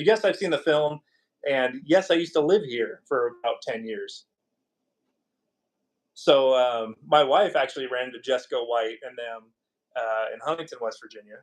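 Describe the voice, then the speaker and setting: A podcast host from California speaks in an animated, mid-range voice at a moderate pace. Hosting a live stream, he rambles and jokes casually with viewers, reacting to the chat.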